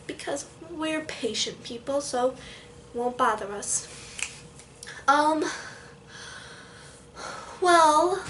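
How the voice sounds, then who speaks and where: A young woman telling a story in a casual vlog, animated and sassy, acting out what people said. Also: high-pitched, recorded from a distance, a little hiss or hum. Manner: animated, sassy, dramatic retelling with quoted asides. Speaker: vlogger.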